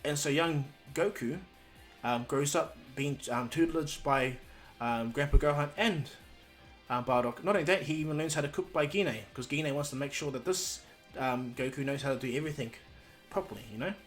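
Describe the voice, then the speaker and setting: A man's voice: fairly high pitch, moderate pace, faint music behind. A man casually telling a fan-made story, rambling with lots of fillers.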